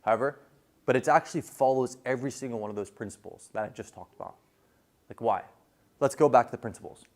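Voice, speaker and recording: A man's voice: mid-range voice, fast talker. A man giving a casual classroom lecture on viral video, chatty, with many fillers and restarts.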